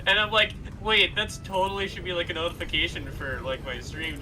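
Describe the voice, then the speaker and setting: Young guy streaming games, kinda high voice, giggles and swears a lot, game music playing behind. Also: normal speed, few pauses, poor audio. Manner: giggly, excitable, swears freely. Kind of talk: casual gaming stream chat.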